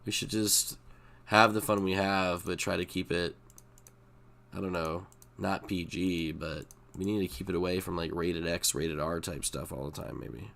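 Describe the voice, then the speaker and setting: A man's voice: low-pitched, fairly even intonation, normal speed, vocal fry, fairly bright tone. A middle-aged man chatting casually and profanely while streaming poker, rambling and getting worked up. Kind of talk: casual live-stream chat.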